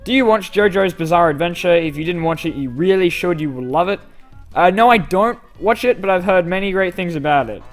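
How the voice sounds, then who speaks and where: A man's voice: sits high, a little fast, soft background music. Young man answering fan questions. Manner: self-deprecating, rambling with fillers. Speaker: YouTube channel host answering fan questions. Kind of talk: casual Q&A reading comments aloud.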